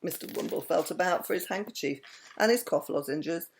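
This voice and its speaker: A woman giving an expressive reading of a children's story. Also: fairly low pitch, brisk, slight background noise. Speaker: storybook reader.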